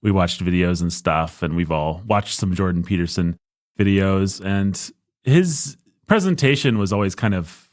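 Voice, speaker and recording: A man's voice: deep voice, a little slow, no room sound. A man co-hosting a podcast, chatting casually in a rambling, jokey way that keeps restarting sentences. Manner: rambling, self-interrupting, jokey. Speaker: podcast co-host.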